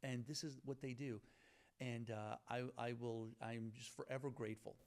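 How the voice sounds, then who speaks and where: A middle-aged man with a Southern US accent shares his memories in a conversational interview. His voice has a gravelly edge and sits at an ordinary pitch, and he sounds earnest and grateful as he often restarts his sentences. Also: fairly even intonation, moderate pace, darkish tone. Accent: Southern US (Virginia). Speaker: guest.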